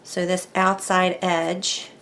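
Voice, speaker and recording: A woman's voice: lowish voice, little pitch movement, slow, a bit bright, a little hiss or hum. A woman teaching decorative painting in a casual tutorial, chatting and thinking aloud as she works at a close mic.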